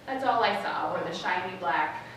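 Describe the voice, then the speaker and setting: A middle-aged woman telling a personal story to a live audience, acting out her family's voices with big jumps in pitch. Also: animated, moderate pace, a bit bright, a little hiss or hum. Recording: echoey hall, voice from a distance.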